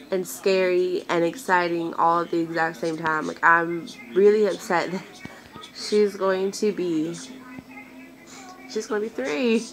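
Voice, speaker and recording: A woman's voice: fairly low pitch, fairly even intonation, a little slow, rough recording. A woman in her twenties rambling to camera as a vlogger, venting with many hesitations and sounding close to tears. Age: 20s. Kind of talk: casual chat to camera.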